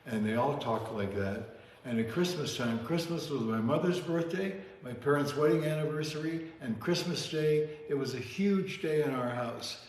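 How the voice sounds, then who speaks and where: Over drinks at a home bar, a male co-host tells meandering stories and keeps asking "okay?". He sounds animated, medium-pitched and darkish at a moderate pace, recorded in an echoey room with long reverb and faint hiss.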